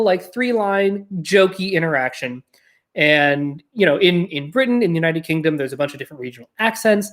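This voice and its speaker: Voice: mid-range voice, normal speed. A podcast host talking casually in a loose, filler-heavy way, telling stories and dropping the odd swear word. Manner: chatty, filler-heavy, animated storytelling with frequent "like"; blunt, occasionally swears.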